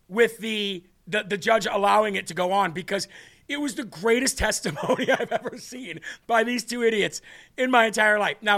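High gravelly brash male host. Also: pushed and bright. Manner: brash, mocking, rambling, addresses co-host. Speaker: political talk show host. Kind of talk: livestream commentary.

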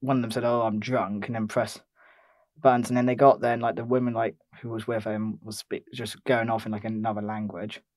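A man's voice: on the low side, flat delivery, a little fast, darkish tone. A young man from England telling a rambling holiday story in casual chat, with lots of fillers and restarts. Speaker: podcast co-host.

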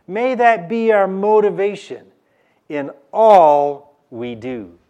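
A male pastor preaching a sermon in a church, slow and emphatic, repeating key phrases for the congregation. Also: sits high, warm tone, clear, resonant tone, lo-fi sound.

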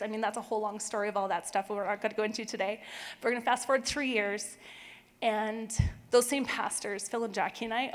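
A woman's voice: mid-range voice, a bit bright. Emotional woman speaker in a reverberant hall. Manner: emotional, tearful at moments, laughs often. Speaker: church speaker sharing testimony. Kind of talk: personal testimony talk.

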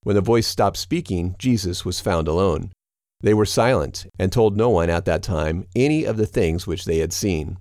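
A man narrating a scripture reading in a steady, measured manner. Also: sits low, no echo, studio quality.

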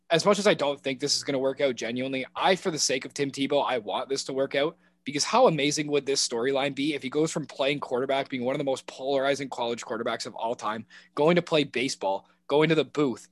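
A man co-hosting a casual football podcast, rambling and animated with frequent restarts. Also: medium pitch. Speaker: podcast co-host. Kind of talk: casual sports podcast chat.

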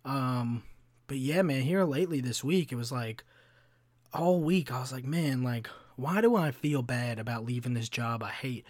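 A man's voice: mid-range voice, normal speed, no room sound. Young male podcaster, mid-range voice, chatty and profane, rambles through stories with lots of "like", recorded dry and close. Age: 20s. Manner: profane, rambling, animated storytelling with frequent fillers. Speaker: podcast host. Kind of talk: casual solo storytelling.

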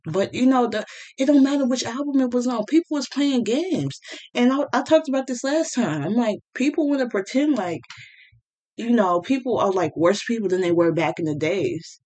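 A woman's voice: on the high side, lively intonation, moderate pace, warm tone. A woman hosting a casual solo podcast, ranting bluntly and heatedly with swearing and plenty of fillers. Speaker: podcast host.

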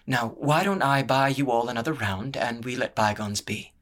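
A man voicing a quick-tempered young woman fiddler in a tavern, speaking in a raised, emphatic way. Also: medium pitch, a bit bright, lightly acted. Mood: placating. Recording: music playing underneath.

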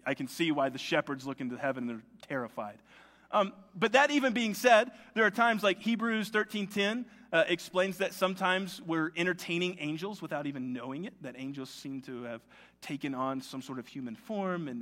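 A man preaching as pastor, animated and acting out quoted lines in shifting voices. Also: on the high side, moderate pace, big-room sound. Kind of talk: sermon.

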